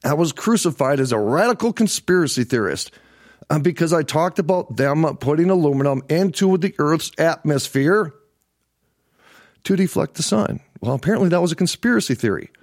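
A man's voice: fairly high pitch, lively intonation, normal speed, no echo, studio quality. A middle-aged man hosting a livestream political show, ranting angrily, swearing and repeating himself for emphasis. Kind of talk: angry livestream political rant.

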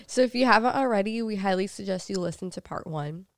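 A woman's voice: mid-range voice, normal speed, no room sound, clean studio sound. A woman in her thirties co-hosting a podcast, chatty and bubbly, with a nasal voice from a recent cold. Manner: bubbly, laughs often. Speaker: podcast co-host. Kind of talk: casual chat.

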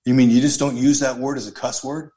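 A man's voice: mid-range voice, level tone, quick pace, mellow, echoey room, voice pushed down, close to an everyday voice. Man doing a wary young woman. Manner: doubtful, wary. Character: skeptical young woman, the speaker's future wife.

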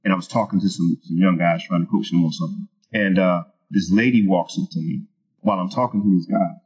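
Low-voiced man, brisk delivery, candid testimony as an interview guest. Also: fairly even intonation, a little mellow, breathy edge, rough recording. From Virginia. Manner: earnest storyteller, casual with many fillers and restarts.

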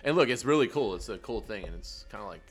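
A man's voice: lowish voice, lively intonation, fast, over music. A middle-aged man co-hosting a podcast, chatting casually, laughing often and rambling. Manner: laughs often, rambling, says dude a lot. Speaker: podcast co-host. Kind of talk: casual chat.

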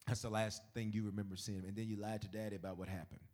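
A man's voice: on the low side, little pitch movement, very fast, darkish tone, pitched below the performer's own voice, natural voice. A male preacher voicing a powerful man in his prime who teases and confronts the brothers who wronged him. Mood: confronting.

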